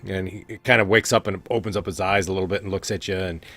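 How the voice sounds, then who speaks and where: A man with a low voice narrates as game master of a tabletop fantasy game. He describes the scene loosely, stopping and restarting as he goes. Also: fairly even intonation, bright, forceful tone, no room sound. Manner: halting, with many fillers and restarts.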